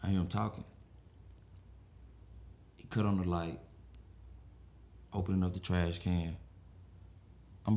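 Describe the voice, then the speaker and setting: A man's voice: deep voice, slow pace, pauses often. A young man co-hosting a podcast, telling a story in a casual, profane way and acting out the people in it. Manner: animated, profane storyteller who acts out the people in his story. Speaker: podcast co-host.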